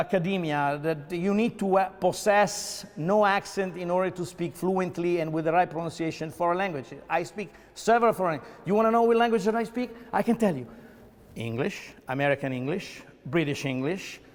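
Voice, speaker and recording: A European-born man of fifty speaks in a news interview, his voice pitched high for a man. He talks emphatically and rambles, checking in with the listener again and again. A long reverb hangs around him. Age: 50s. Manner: emphatic, rambling, repeats himself with tag questions. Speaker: mayoral candidate.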